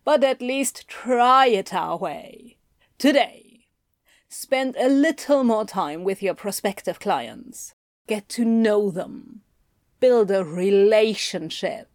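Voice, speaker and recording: A woman's voice: mid-range voice, slow, no echo, studio quality, close to an everyday voice. Woman voicing a bossy male sales manager. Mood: lecturing. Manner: bossy, lecturing.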